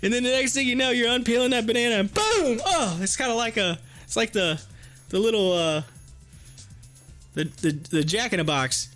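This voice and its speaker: A man with a notably high voice talks loosely on a live stream, spinning long rambling stories packed with fillers and quick laughs. Faint music sits quietly behind him. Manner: rambling, chatty storytelling with frequent fillers and laughs. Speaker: day-trading live stream host. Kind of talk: casual live-stream chat.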